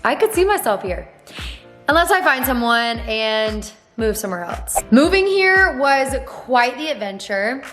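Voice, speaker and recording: Chatting to camera from a swing chair in her Dallas home, a vlogger in her twenties keeps things bubbly and playful, adding asides for her viewers. She speaks a little slowly in a voice on the high side, with big pitch swings and a fairly bright tone, over soft background music.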